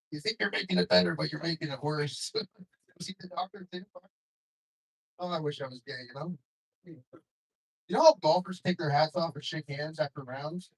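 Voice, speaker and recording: A young adult man performing a stand-up comedy set on a club stage, delivering deadpan jokes and chuckling often. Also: fairly high pitch, vocal fry, husky, rough recording.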